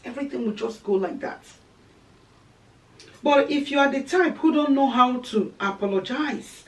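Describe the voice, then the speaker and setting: A woman's voice: on the high side, darkish tone, far from the mic, low-quality recording. A woman giving earnest, preaching-style marriage advice, repeating her key phrases for emphasis. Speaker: Christian teacher on marriage.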